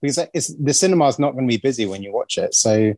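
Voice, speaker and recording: A man's voice: mid-range voice, animated, fast talker, dark tone, no echo. Rambling man with a dry close sound. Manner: rambling, repeats himself while finding words. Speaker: podcast co-host. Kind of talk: casual chat.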